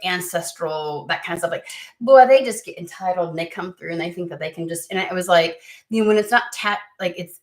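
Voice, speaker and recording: A woman from the United States chatting casually to camera as a tarot reader, rambling and halting, with lots of fillers and restarts. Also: lowish voice. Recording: echoey room.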